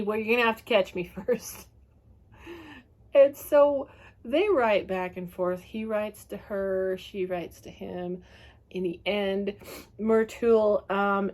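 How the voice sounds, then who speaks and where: A woman's voice: medium pitch, darkish tone. Sweary, chatty woman ranting about a book. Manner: sweary, chatty, laughing often. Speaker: book reviewer. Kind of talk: casual ranting book review.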